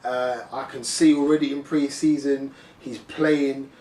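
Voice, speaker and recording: A man's voice: medium pitch, little pitch movement, measured pace, warm tone. A man hosting a casual sports chat, chatty and filling his talk with "you know what I mean". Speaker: podcast host. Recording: echoey room, mic at a distance.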